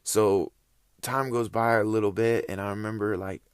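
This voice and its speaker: A man's voice: fairly low pitch, fairly even intonation, moderate pace, clean tone, dry recording, studio quality. A young man casually telling a story, laid-back and slangy, rambling along with loose phrasing.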